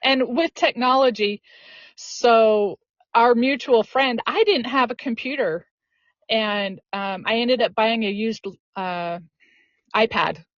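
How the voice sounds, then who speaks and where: A woman's voice: fairly high pitch, slow, dry recording. A woman guest on a podcast telling personal stories in an earnest, casual way, often saying "you know.". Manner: earnest, lively storyteller with frequent "you know". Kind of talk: casual storytelling. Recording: dull lo-fi dry audio.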